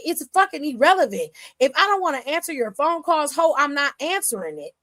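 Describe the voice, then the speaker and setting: A woman's voice: sits high, fairly bright tone, dry recording. A woman putting on the voice of an angry female wrestler and ranting profanely at a rival. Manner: profane, taunting tirade. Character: furious female wrestler, brash and defiant.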